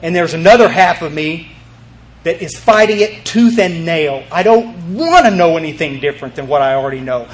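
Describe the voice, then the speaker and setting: Animated older man telling his story. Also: fairly high pitch, normal speed. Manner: animated storyteller, acts out voices, many restarts. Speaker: speaker sharing his recovery story. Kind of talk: recovery meeting talk.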